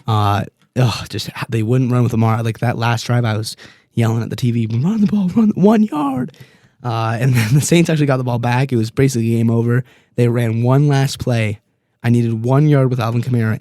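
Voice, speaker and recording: A young man hosting a casual podcast, rambling and animated, joking at his own expense. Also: medium pitch, dry recording, clean studio sound. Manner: rambling, animated, self-deprecating. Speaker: podcast host. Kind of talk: casual fantasy football chat.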